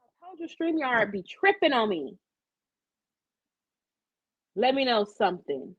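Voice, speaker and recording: A woman's voice: fairly high pitch, big pitch swings, a little slow, slightly rough, highs cut off. A woman hosting a casual live-stream commentary show, blunt and profane, acting out the quotes she tells.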